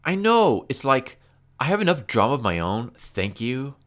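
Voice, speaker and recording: A man voicing an airheaded young millennial kid, mimicking them in a mocking sing-song falsetto. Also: sing-song, moderate pace, a bit bright.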